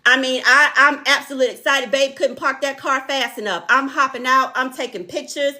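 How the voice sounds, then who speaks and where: Bright-voiced woman preaching to her viewers. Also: high-pitched, steady tone, brisk. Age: middle-aged. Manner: warm, preacher-like, repeats lines for emphasis, calls out viewers by name. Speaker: host of a live online talk show. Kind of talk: live motivational talk to viewers.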